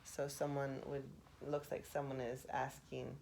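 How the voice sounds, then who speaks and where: A woman speaking softly for ASMR, musing aloud with pauses and half-whispered asides. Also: very deep voice, flat delivery, creaky, slight background noise. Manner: reflective, thinking aloud with pauses. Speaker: host. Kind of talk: soft-spoken ASMR poetry analysis.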